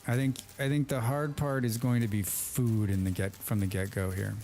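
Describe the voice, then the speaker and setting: A man's voice: medium pitch, flat delivery, moderate pace, a little mellow, soft background music. A man hosting a casual let's play, chatting with friends in a rambling, playful way and often repeating his words. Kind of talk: casual gameplay commentary with friends.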